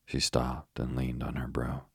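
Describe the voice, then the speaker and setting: A man narrating a bedtime story in a calm, even way. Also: extremely low pitch, unhurried, vocal fry, slightly rough, no room sound, clean studio sound.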